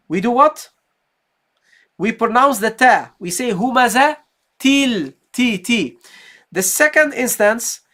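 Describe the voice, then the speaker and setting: A woman's voice: a little high, a bit bright. A woman teaching Quran recitation in a live online lesson. She explains step by step, asks and answers her own questions, and often checks in with "okay, guys?".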